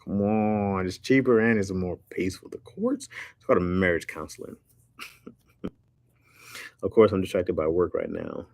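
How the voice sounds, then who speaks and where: A man's voice: low-pitched, very animated, moderate pace, vocal fry, pauses often, darkish tone, no room sound. A man hosting a casual live stream, talking loosely and jokingly with slang while reacting to viewer comments.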